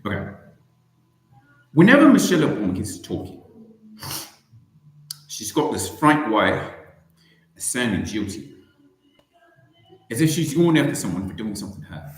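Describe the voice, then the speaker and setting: A man's voice: medium pitch, very animated, normal speed, long pauses. A man streaming, giving a rambling, mocking comedic commentary with lots of restarts. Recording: echoey room.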